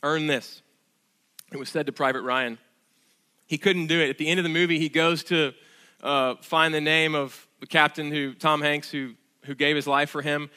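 A pastor delivering a sermon with a bright, forceful voice that sits a little high for a man. He preaches emphatically, rising to loud declarations and then dropping to hushed, soft lines. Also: steady tone, moderate pace, clear, resonant tone. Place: church.

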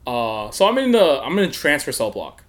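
Speaking briskly in an ordinary mid-range voice, a young man recounts a story during an easygoing chat. He's lively and foul-mouthed, often breaking into laughter and mimicking the people in his tale.

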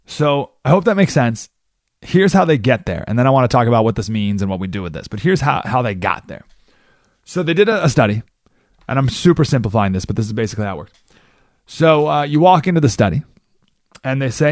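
A man hosting a talk radio show, explaining ideas in a monologue and acting out the people he quotes in quick character voices. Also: mid-range voice, sing-song, dry recording, studio quality. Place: radio studio.

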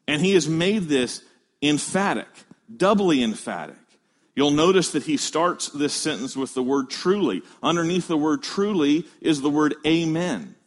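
A man preaching a sermon, emphatic, slowing down to stress key words and explaining a scripture passage he reads aloud. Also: fairly high pitch. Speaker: pastor.

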